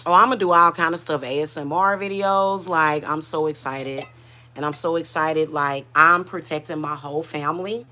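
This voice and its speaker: A woman talks straight to her viewers in a loose, emotional livestream ramble, often restarting her sentences. Her voice is bright and forceful. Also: deep voice, normal speed, a little hiss or hum. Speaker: spiritual reader and channel host. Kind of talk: casual livestream chat to viewers.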